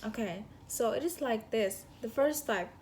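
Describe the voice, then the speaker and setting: Slow, halting young woman reviewing lessons. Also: on the high side, expressive, darkish tone, a little hiss or hum. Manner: halting, searching for words, self-correcting. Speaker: student giving a class review. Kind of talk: spoken course review.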